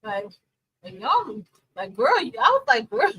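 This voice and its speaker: A woman chatting casually and telling a story straight to her viewers, animated, calling them y'all and girl. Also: a little high, slow pace, husky, low-quality recording. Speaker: crafting vlogger and teacher.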